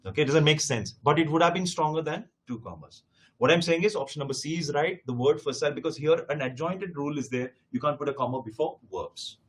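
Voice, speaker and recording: A man's voice: fairly high pitch, fast. A man teaching a live test-prep class, addressing his students directly and repeating key points with emphasis.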